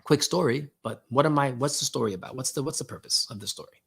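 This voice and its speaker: A man's voice: medium pitch, fast, vocal fry, a bit bright, slightly rough. A man hosting a casual motivational talk, speaking preachily, firing rhetorical questions and addressing listeners directly. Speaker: host.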